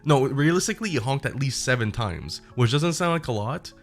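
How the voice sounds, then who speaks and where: A man's voice: mid-range voice, a little fast, soft background music. Young man swearing through a comic story. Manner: animated, profane, laughing retelling. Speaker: streamer. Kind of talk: casual storytelling.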